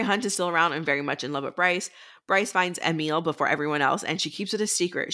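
A woman's voice: low-pitched, pushed and bright. A woman co-hosting a book podcast, giving a chatty plot recap with filler words. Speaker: podcast co-host.

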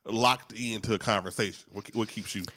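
Slangy, low-voiced man podcast co-host. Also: fairly even intonation, fairly quick, a bit bright, no room sound, clean studio sound. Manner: slangy, stammers restarts, says you know what I mean often. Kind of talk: casual chat.

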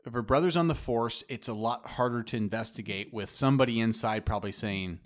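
A man's voice: medium pitch, brisk. A man co-hosting a podcast, chatting casually in a laid-back, dry and blunt way. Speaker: podcast co-host. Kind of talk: casual chat.

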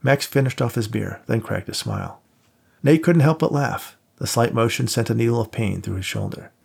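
A man narrating an audiobook in a steady storytelling manner. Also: medium pitch, normal speed, vocal fry, breathy edge. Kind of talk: scripted narration.

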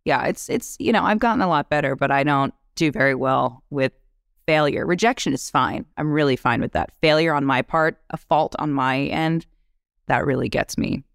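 A woman shares stories on a podcast with lively, laugh-filled candor and casual swearing. Her voice is smooth and clear, recorded close and dry with no room sound. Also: sits low, moderate pace, dry recording. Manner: animated, laughing, acts out quotes. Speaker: actress guest. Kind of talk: candid podcast storytelling.

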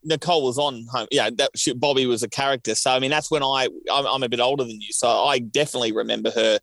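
A man's voice: mid-range voice, fairly even intonation, fast, creaky, a bit bright, no room sound. Male co-host, older of the pair, easygoing rambling chat, dry mic. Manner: rambling, hedging with lots of "you know". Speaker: podcast co-host. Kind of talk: casual chat.

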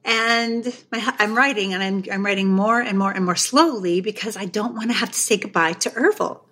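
A middle-aged woman talks as a guest author on a podcast, in a somewhat husky voice. She tells her stories with lively energy. Her pitch sits in the middle of the usual range for a woman. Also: a little fast. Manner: animated storyteller, acts out quoted voices. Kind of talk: storytelling in a podcast interview.

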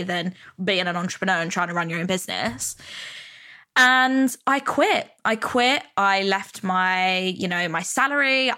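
Her voice is fairly low and comes across pushed and bright as she hosts a casual self-help podcast. She rambles chattily about money stress, leaning heavily on fillers such as "like" and "you know."

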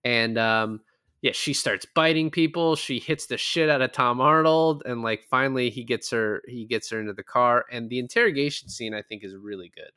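A man's voice: medium pitch, normal speed, sharp tone, smooth. A man chatting casually as a podcast co-host, walking through a film scene by scene. His voice sits in an ordinary middle range. He strings thoughts together with fillers and little acted-out bits of dialogue. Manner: rambling recap with many fillers and acted-out quotes. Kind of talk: casual movie-review chat.

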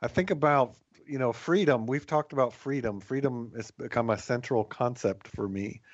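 A man's voice: medium pitch, no echo. Thoughtful man, dull dry sound. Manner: thoughtful, measured, with some restarts. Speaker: podcast co-host in recovery. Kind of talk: reflective spiritual conversation.

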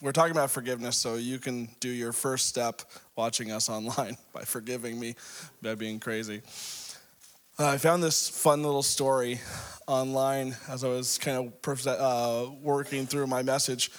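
A man preaching a sermon as pastor, hoarse with a worn-out voice, telling jokey stories and laughing often. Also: medium pitch, steady tone, moderate pace. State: hoarse, voice shot.

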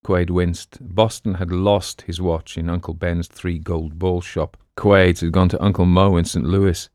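A man narrating an audiobook in a steady, even storytelling manner. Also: deep voice, a little slow, no room sound, studio quality.

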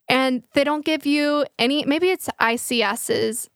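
A woman's voice: high-pitched, unhurried, fairly bright tone, dry recording, studio quality. A woman hosting a podcast, telling stories in casual chat and swearing freely. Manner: chatty storytelling, swears freely. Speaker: podcast host.

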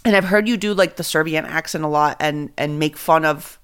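Smooth-voiced woman hosting a chatty podcast. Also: low voice, a little fast. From Venezuela. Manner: chatty, playful, teasing. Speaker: podcast host and comedian. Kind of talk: casual chat.

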